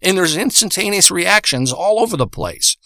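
A man's voice: high voice, animated, normal speed, bright, forceful tone, dry recording, clean studio sound. A man in a crude comedic rant, profane, boastful and rambling, stretching out words for emphasis.

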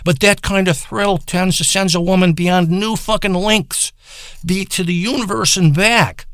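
High-pitched man in a crude comic rant. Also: fairly even intonation, a little slow, a bit bright, clear, resonant tone, no echo, studio quality. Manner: crude, rambling, obsessive, repetitive.

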